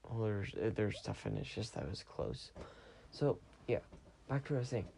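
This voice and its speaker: A man's voice: fairly low pitch, sing-song, a little fast, vocal fry, dark tone, a little hiss or hum. A tired young man hosting a podcast, talking in a chatty, rambling way and often correcting himself. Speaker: podcast host. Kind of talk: rambling casual monologue.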